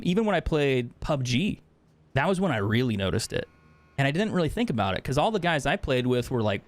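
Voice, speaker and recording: A man's voice: mid-range voice, dry recording. Candid, profane young man streamer. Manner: candid, profane, laughs often. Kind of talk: casual chat with stream viewers while gaming.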